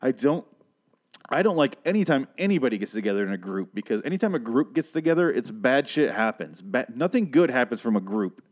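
Man, podcast host, from Michigan, casual comedic rant, sarcastic, swears a lot, medium pitch. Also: big pitch swings, brisk. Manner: profane, rambling, sarcastic.

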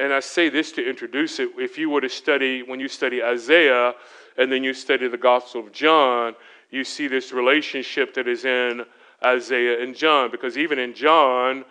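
Middle-aged male guest preacher, crisp and smooth, quizzes the room, acts out the voices he quotes. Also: mid-range voice, bright, forceful tone. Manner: asks the audience questions and answers them. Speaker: guest speaker. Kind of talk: sermon.

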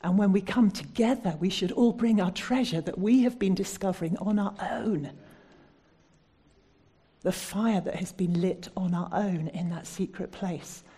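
A woman preaching a sermon from the United Kingdom, putting earnest, searching questions to the congregation and turning soft and prayerful when she leads prayer. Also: lowish voice, measured pace, husky.

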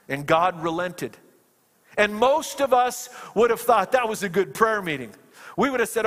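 Guy preaching a sermon, high voice, gets fired up, lots of echo from a big hall. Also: normal speed, fairly bright tone. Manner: impassioned, rises in pitch when quoting prayers, repeats words. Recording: long reverb of a large hall.

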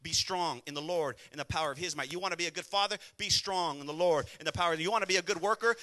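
A man preaching a sermon as pastor, talking quickly and emphatically, and calling out to the congregation for responses. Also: on the high side, bright, forceful tone. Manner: rapid, conversational delivery.

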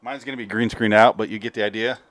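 A man's voice: on the low side, fairly even intonation, fast, fairly bright tone, dry recording. A man co-hosting a casual comedy podcast, rambling and swearing as he retells a story. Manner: rambling, profane, retells scenes in put-on voices. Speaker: podcast co-host.

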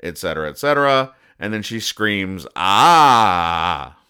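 Deadpan male podcast host, low and bright, smooth delivery, walks through comic strips. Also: a little fast. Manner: deadpan, explains each joke. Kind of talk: casual comic-strip recap.

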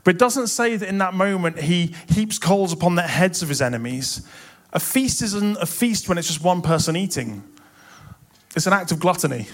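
A man's voice: sits high, animated, moderate pace, fairly bright tone. A young man preaching a sermon in a church, impassioned and building to emphatic swells.

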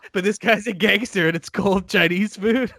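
A man co-hosting a podcast in casual chat, relaxed and wry as he explains references. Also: high voice, measured pace, creaky, no echo, studio quality. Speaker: podcast co-host.

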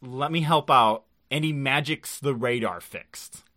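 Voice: mid-range voice, a little slow, a bit bright. A podcast co-host recapping episodes in casual chat, rambling with lots of filler words and frequent laughs.

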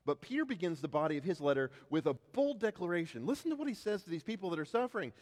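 A man's voice: high-pitched, big pitch swings, very fast, few pauses. Preacher man in a reverberant hall. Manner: stammering restarts, swings from loud declarations to hushed tones. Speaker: pastor. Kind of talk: sermon.

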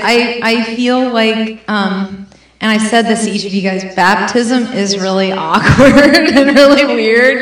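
A woman's voice: on the high side, fairly bright tone. A woman leading a church baptism, speaking affectionately and encouragingly into a handheld microphone. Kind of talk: warm church address to a congregation. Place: large echoey church hall. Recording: very echoey hall from a distance.

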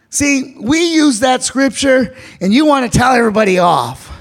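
High-voiced man preaching in shouts. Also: lively intonation, moderate pace, few pauses. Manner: shouted, sing-song preaching with frequent "uh" fillers. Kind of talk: sermon.

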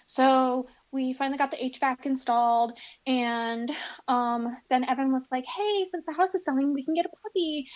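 A woman telling stories in casual podcast chat, animated and acting out the people in them. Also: on the high side, rough recording.

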